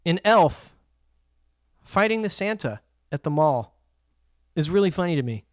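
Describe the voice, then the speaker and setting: Guy on a podcast, kinda high voice, acts out scenes, laughs a lot, dry close mic. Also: measured pace, no echo. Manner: animated storyteller, acts out scenes, laughs often. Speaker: podcast co-host. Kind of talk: casual chat about movies.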